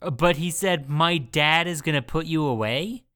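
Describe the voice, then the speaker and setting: Laughing podcast host with a smooth voice. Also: male voice, on the high side, moderate pace, bright, forceful tone. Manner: laughs often, playfully prods his co-host. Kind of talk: casual chat.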